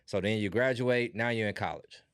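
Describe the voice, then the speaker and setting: A man's voice: lowish voice, moderate pace, clean tone, no room sound, studio quality. A man hosting a casual interview, reacting with exclamations and laughs. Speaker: podcast host.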